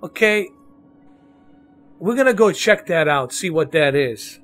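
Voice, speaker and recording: A man with a New York accent chats casually with his viewers while he plays a game live. His voice sits a little high for a man. Faint game music plays under his talk. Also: animated, a little slow, a bit bright. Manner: casual, chatty, addresses viewers. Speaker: streamer. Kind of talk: live gameplay commentary.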